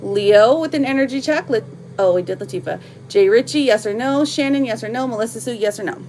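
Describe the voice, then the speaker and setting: A woman's voice: a little high, a little fast, darkish tone, slight background noise. Chatty woman reading tarot live. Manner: chatty, friendly, full of fillers and slang. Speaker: tarot reader hosting a live stream. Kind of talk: casual live-stream chat.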